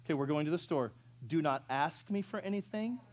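Guy doing his strict mom voice, short bossy orders, kinda high. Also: expressive, fairly quick, lightly acted. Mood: warning. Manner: clipped, firm commands. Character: stern no-nonsense mother, middle-aged woman.

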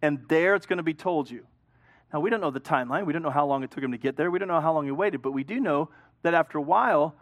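A man pastor preaching a sermon, swinging between loud emphasis and hushed storytelling. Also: fairly high pitch, fast, no room sound.

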